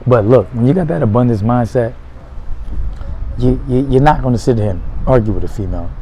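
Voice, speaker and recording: A man's voice: medium pitch, a little fast, dark tone, a little hiss or hum, low-quality recording. A man giving blunt, profane dating advice in a casual monologue, full of streetwise slang.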